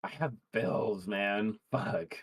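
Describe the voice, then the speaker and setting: Man, very deep voice, outraged, swearing, live reaction stream. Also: extremely slow, slightly rough.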